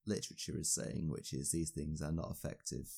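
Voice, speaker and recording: A man's voice: very deep voice, flat delivery, brisk, gravelly, warm tone, husky. A young man, a university student, chatting casually and rambling a little with fillers. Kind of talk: casual podcast chat.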